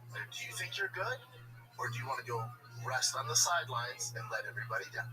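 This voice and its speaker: A man's voice: mid-range voice, quick pace. A man guesting on a podcast in casual chat, telling stories and acting out the voices of others. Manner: animated storyteller acting out dialogue. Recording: distant mic with music behind.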